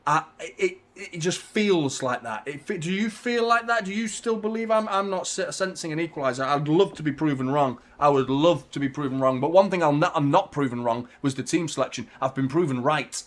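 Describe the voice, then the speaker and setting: Ranting fired-up football fan host. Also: male voice, a little high. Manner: ranting, swearing, frustrated, shouting when excited. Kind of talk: live match watchalong commentary.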